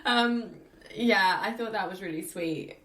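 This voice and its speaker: A woman hosting a casual podcast chat, animated, often laughing and acting out characters' lines. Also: medium pitch, unhurried, roomy sound. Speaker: podcast host.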